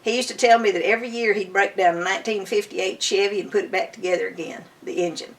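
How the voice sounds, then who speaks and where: A woman's voice: mid-range voice, steady tone, fast talker, recorded from a distance, a little hiss or hum. An older woman, a bluegrass musician telling stories in an enthusiastic, chatty way during a home interview. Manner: enthusiastic, chatty, fond storytelling. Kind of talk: casual storytelling interview. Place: her home.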